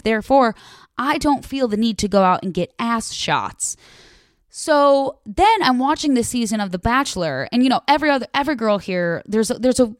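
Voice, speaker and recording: A woman's voice: medium pitch, no echo, studio quality. A young woman from the American Midwest, ranting bluntly and chattily to camera, with plenty of swearing. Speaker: vlogger. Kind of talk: casual rant to camera.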